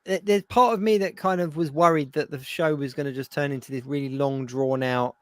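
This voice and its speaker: A man's voice: fairly high pitch, steady tone, a little fast, no room sound. Easygoing man, dry close sound. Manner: easygoing, agreeable, repeats phrases. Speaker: co-host. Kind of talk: casual live-stream chat.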